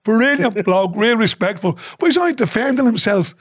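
Guest: older Irish man, high-pitched and animated, sweary storyteller, dry close mic. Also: moderate pace, no room sound. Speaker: podcast guest, former football manager. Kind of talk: casual storytelling chat.

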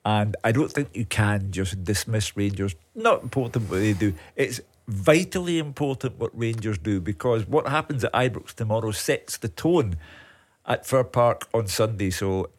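A man's voice: fairly low pitch, lively intonation, normal speed. A man giving blunt, assertive football punditry in a radio studio.

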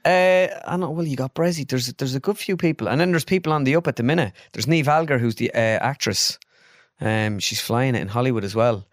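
A man's voice: medium pitch, fairly quick, no room sound, studio quality. Chatty Irish man, rambling storyteller. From Ireland. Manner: rambling, animated, breaks into impressions. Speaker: guest. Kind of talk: casual chat.

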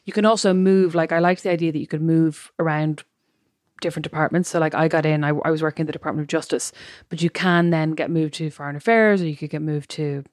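A woman's voice: sits low, steady tone, quick pace, darkish tone, no echo, studio quality. An Irish woman co-hosting a podcast, chatting casually and rambling through personal anecdotes. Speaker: podcast co-host. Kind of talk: casual chat.

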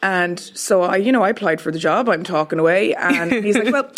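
A woman with an Irish accent from the Bray area, a panel guest telling an anecdote in an animated, laughing way. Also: mid-range voice, fairly quick, few pauses. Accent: Irish, Dublin-area. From Bray, Ireland. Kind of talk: radio panel chat.

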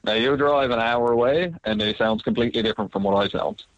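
A man's voice: mid-range voice, fast talker, dry recording, dull audio. A man with a southern Avalon Newfoundland accent chatting easily as a radio guest. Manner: easygoing, chatty. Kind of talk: casual interview chat.

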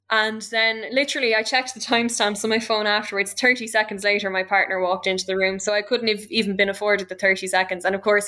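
A woman's voice: medium pitch, sharp tone. A woman in her thirties with an Irish accent tells a personal story earnestly and emotionally, often stopping and restarting.

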